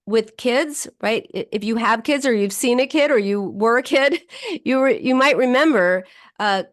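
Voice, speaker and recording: A woman's voice: fairly high pitch, lively intonation, moderate pace, dry recording, clean studio sound. A woman podcast host and psychotherapist explaining a client's case, often restarting her sentences with "you know.". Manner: explanatory, warm-paced storytelling with frequent "you know" and restarts. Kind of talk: radio podcast talk with client story.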